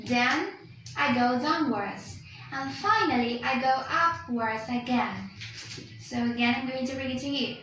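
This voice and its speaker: A high-voiced woman whose first language is Spanish talks slowly and haltingly through a class presentation, stopping often for fillers and to correct herself. Her voice is bright, and it sounds thin and distant in a very echoey room. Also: slight background noise. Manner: hesitant, many fillers and self-corrections. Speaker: student presenter. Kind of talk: recorded class presentation on intonation. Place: room with a board.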